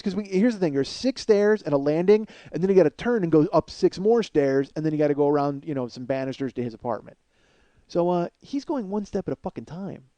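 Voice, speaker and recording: Male podcast host, higher voice, dry recording, profane comic storyteller. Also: no echo. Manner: profane, animated storyteller addressing listeners as folks. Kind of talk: comedic storytelling monologue.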